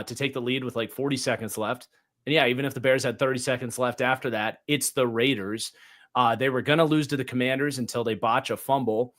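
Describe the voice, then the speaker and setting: A man co-hosting a casual football podcast, giving blunt opinions with quick asides. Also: mid-range voice, a bit bright. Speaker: podcast co-host. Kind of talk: casual sports podcast analysis.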